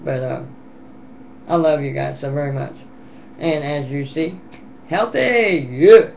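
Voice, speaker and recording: Hoarse woman rambling to her kids. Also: low-pitched, takes it slowly, slight background noise. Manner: rambling, affectionate, teasing. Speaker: mother addressing her children. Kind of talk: casual home video message. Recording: dull lo-fi home recording.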